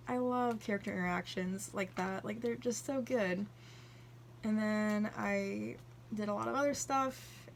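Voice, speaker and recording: A chatty young woman talks her way through a journal flip-through in a gushing vlog style, often acting out bits of dialogue. Her voice sits at an ordinary middle pitch for a woman, with a faint background hiss. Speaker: vlogger. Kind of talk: casual chat flipping through a journal.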